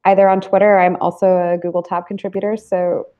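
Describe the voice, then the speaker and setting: A woman speaking as a webinar guest over a video call, brisk and friendly with a teasing streak. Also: on the low side, flat delivery, phone-quality sound. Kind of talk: casual webinar chat.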